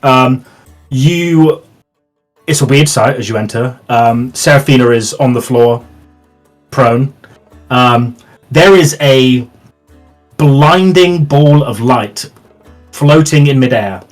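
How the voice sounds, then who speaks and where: A man narrates a tabletop game as its game master, describing scenes in a relaxed, rambling way full of fillers. His voice sits at an ordinary pitch. Soft music plays faintly behind him. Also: slow pace, long pauses.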